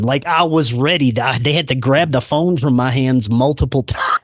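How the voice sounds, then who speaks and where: A man tells a story in a loose, easygoing podcast-host way, tossing in "man" and "dude" as he goes. His voice sits at an everyday middle pitch. The recording is close and dry, with no room sound. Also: moderate pace, no room sound. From Louisiana, US. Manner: laid-back, peppers talk with "man" and "dude". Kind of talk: casual storytelling.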